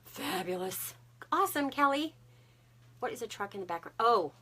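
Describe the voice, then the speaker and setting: A woman's voice: on the high side, expressive, moderate pace, long pauses, noisy background. A woman, chatting to viewers on a craft live stream and greeting them by name. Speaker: craft livestream host.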